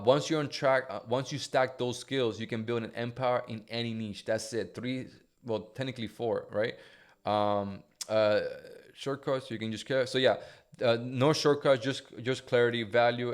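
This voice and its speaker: Low-voiced man, loose profane coaching talk. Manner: loose and profane, full of fillers like "right?" and "you get me?". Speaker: online business coach. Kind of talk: casual motivational talk to camera.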